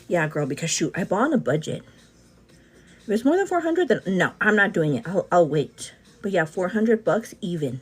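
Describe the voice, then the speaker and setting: Thirties woman, livestream beauty host, chatty and hyperactive, a bit out of breath, husky and animated. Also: mid-range voice, normal speed. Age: 30s. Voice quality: energetic, hyperactive delivery. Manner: chatty, calls viewers "girl", answers comments. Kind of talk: casual livestream chat.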